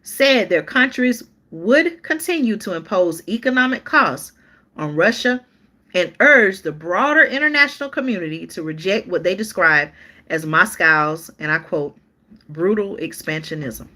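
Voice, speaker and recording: A woman's voice: lowish voice, lively intonation, unhurried, bright, forceful tone. A woman hosting a live-stream news show, reading articles aloud in a chatty way and talking straight to her viewers, often stopping to restart or look things up.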